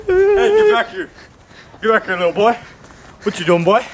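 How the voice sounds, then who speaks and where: A young man playing an angry, grumpy man who yells at a boy to get out of his yard. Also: high-pitched, a little slow, slight background noise, low-quality recording. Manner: yelling, bossy. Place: outdoors at a park.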